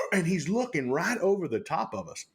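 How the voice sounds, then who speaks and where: A man, a podcast guest telling a story in a casual, animated way and acting out the people and animals in it. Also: a little high, a little fast, breathy edge. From Texas.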